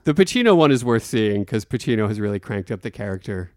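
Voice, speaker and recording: A man's voice: fairly low pitch, big pitch swings, quick pace, darkish tone, dry recording, clean studio sound. A man co-hosting a podcast, chatting casually with wry, teasing banter. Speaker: podcast co-host. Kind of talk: casual chat.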